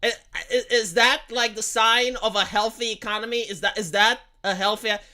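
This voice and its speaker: A man's voice: high voice, fairly even intonation, moderate pace, sharp tone. A man live streaming a heated, profane political rant. He stammers and repeats words and fires off rhetorical questions. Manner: argumentative, asks rhetorical questions.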